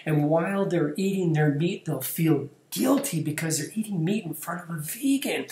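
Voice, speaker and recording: A man's voice: on the high side, lively intonation, normal speed, few pauses, darkish tone. A man hosting his own video channel, talking casually to camera and reading out viewer comments in a wry, playful, self-mocking way. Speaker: vlog host. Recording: echoey room.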